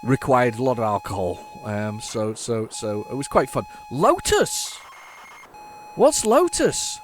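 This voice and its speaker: A man's voice: lowish voice, wildly swooping pitch, normal speed, a little hiss or hum. A man hosting a retro gaming video, chatting casually and rambling through his commentary with many fillers and restarts.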